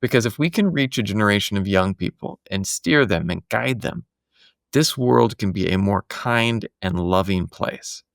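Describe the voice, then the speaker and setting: A man's voice: lowish voice, animated, moderate pace, creaky, dry recording, clean studio sound. A man who hosts podcasts, talking in a casual conversation from his home office and sharing earnest, reflective stories.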